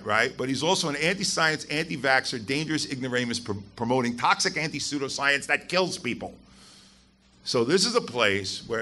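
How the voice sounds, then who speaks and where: Bright-voiced man giving a blunt, emphatic talk. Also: medium pitch. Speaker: guest speaker at a skeptics event. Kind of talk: live public talk to an audience. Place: event hall with a live audience.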